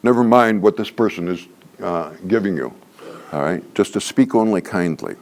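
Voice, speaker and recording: A man's voice: low-pitched, lively intonation, normal speed. An older man leading a training workshop, teaching in a folksy, joking way and repeating his key points for emphasis. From Canada. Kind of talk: workshop lecture.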